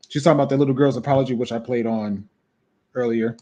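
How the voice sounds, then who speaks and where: A man hosting a casual commentary show, animated and reading out viewer comments as he talks. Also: medium pitch, fast talker. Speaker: show host.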